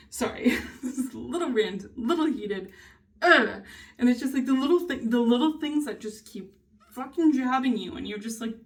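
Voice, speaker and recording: A woman with a fairly high voice chats to her viewers in a candid diary style, swearing often and slipping into laughs as she vents. She sits a little back from the microphone, so the sound is slightly distant. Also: moderate pace. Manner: candid, frequent swearing, venting with bursts of laughter. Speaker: vlogger. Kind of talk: casual diary-style chat.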